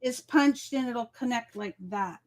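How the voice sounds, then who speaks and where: A woman with a fairly high voice co-hosts a relaxed crafting livestream over a video call. She explains patiently and in small steps. She keeps pausing to check that her listener is following. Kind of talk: casual chat.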